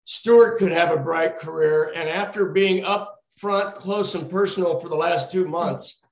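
A man's voice: a little high, measured pace, roomy sound, low-quality recording. An older man speaking as an interview guest, blunt and firm in short statements. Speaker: guest, father of a detained officer. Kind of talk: candid interview conversation.

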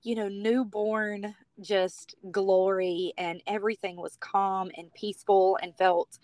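An American woman speaking as a podcast guest, telling a personal story in a chatty, heartfelt way. Her voice sits in an ordinary middle pitch, and she fills her talk with "you know" and "like". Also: level tone, slow pace, a little mellow, dry recording. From United States.

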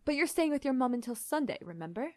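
A woman's voice: sits high, very animated, fast talker, pitched above the performer's own voice. A woman reading the lines of a patient, fond father in a put-on British accent. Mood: coaxing.

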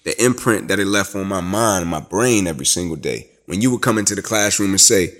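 A man from Atlanta tells his story in an interview. He speaks emphatically, like a preacher, and builds to loud, rising climaxes. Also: sits low, quick pace. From Atlanta, USA. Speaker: guest, former student.

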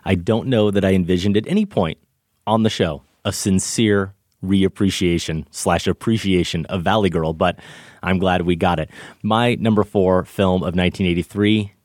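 A man's voice: sits low, fairly even intonation, moderate pace, darkish tone, dry recording, studio quality. A man co-hosting a film podcast, chatting about movies in a candid, easygoing way. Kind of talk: film review chat.

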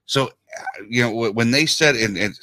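A man's voice: medium pitch, normal speed, pushed and bright, no echo, studio quality. A man in his forties chatting casually about a movie, stammering on repeated words and laughing often. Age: 40s. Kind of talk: casual chat.

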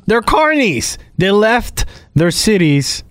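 A man's voice: sits high, big pitch swings, takes it slowly, a bit bright, clear, resonant tone, no echo, studio quality. A man co-hosting a podcast who chimes in with wisecracks and teasing questions. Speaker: podcast co-host. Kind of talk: casual chat.

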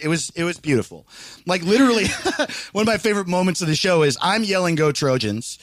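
A male comedian from Los Angeles telling a story in relaxed conversation, with a voice that sits a little high for a man. He laughs often, swears freely and gets animated as he retells it. The sound is close and dry. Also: fast, no room sound. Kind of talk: casual storytelling chat.

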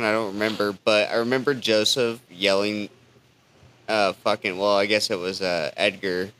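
A man's voice: fairly low pitch, sharp tone, a little hiss or hum. A man co-hosting a casual podcast chat, telling stories with laughs and swearing. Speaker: podcast co-host.

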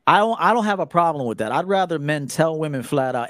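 A man's voice: fairly high pitch, lively intonation, quick pace, few pauses, fairly bright tone, no room sound, studio quality. A man hosting a call-in dating-advice podcast, giving blunt, profane coaching and acting out the lines he quotes. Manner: blunt, profane, emphatic, acts out quoted dialogue.

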